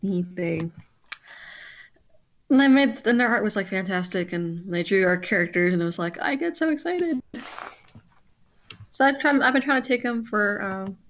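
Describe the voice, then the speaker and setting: A woman's voice: medium pitch, lively intonation, moderate pace, long pauses, highs cut off, a little hiss or hum. A woman streamer chatting casually with a friend while drawing, rambling and often breaking off to restart her sentences.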